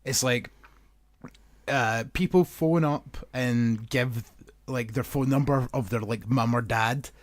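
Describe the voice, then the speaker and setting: A man's voice: mid-range voice, takes it slowly, no echo. A man co-hosting a podcast in casual chat, sweary and jokey, often slipping into silly voices. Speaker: podcast co-host.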